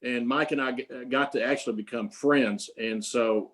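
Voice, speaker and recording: A man's voice: mid-range voice, fairly even intonation, moderate pace, a bit bright. An older man, an interview guest, telling long stories with many fillers and restarts. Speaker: interview guest, prize creator. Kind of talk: storytelling in an interview.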